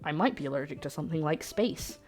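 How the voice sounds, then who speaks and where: A woman with a low, animated voice talks quickly and a little mellowly over soft background music. She lives in Scotland and is cooking while chatting casually with her livestream chat, joking around and poking fun at herself.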